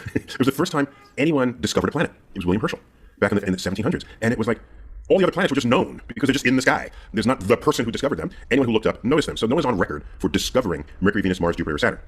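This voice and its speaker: Man, low husky voice, very fast talker; rambling, chuckling science explainer. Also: lively intonation. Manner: rambling, repeats words, chuckles often. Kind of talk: casual explanatory chat.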